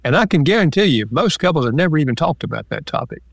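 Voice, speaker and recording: A man, an author and counselor, calmly explaining ideas with everyday examples in an interview. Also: fairly high pitch, fast, gravelly, no echo, clean studio sound. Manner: calm, explanatory, gives examples. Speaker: author and marriage counselor guest. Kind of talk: interview conversation.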